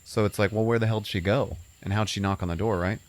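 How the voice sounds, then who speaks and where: A man's voice: fairly low pitch, fairly even intonation, fast talker. A man hosting a podcast, casually retelling a movie plot in a rambling, profane way full of fillers. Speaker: podcast host.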